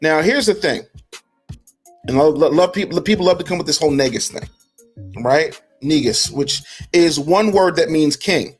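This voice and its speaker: Guy with a high voice going off on someone, mocking and cussing, faint music under it. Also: moderate pace, slightly rough. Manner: mocking, profane, swings between low mutters and high shouted taunts. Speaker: commentary host. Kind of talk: heated social media commentary.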